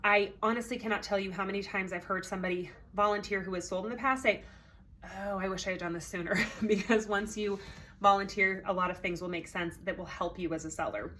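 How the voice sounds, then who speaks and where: A woman's voice: medium pitch, steady tone, fairly quick, fairly bright tone. Woman, sale organizer, casual chat, slightly out of breath, congested, faint background noise. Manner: chatty, friendly, many ums. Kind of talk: casual announcement to sellers.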